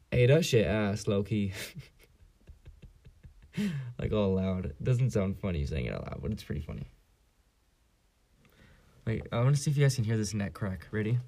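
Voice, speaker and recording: A man's voice: on the low side, lively intonation, quick pace, creaky, dark tone. A young man in his late teens from San Diego, hosting a solo podcast in a casual, rambling and profane way with lots of fillers. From San Diego area, US. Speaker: podcast host.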